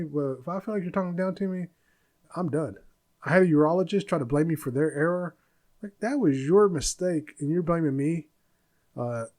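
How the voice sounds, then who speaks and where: A man's voice: a little high, darkish tone. A man in his forties hosting a podcast, venting bluntly in a casual monologue. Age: 40s. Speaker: podcast host.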